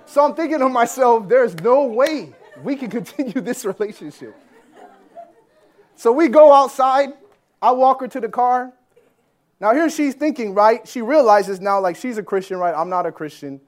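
A man preaching a sermon as a personal story, animated, swinging between loud bursts and hushed lines. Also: very high-pitched, normal speed, some chatter behind. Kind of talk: sermon testimony.

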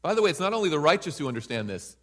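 A man's voice: a little high, very animated, rapid-fire, fairly bright tone, long reverb tail. A man preaching a Bible study sermon in an emphatic way, often checking in with listeners by asking "right?".

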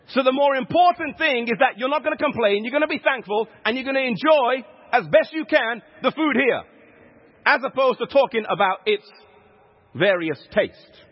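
Emphatic preacher in an echoey hall. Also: male voice, very high voice, lively intonation, normal speed, slightly rough. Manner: teaching, emphatic, repeats key points. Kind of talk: sermon. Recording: echoey hall, dull lo-fi sound.

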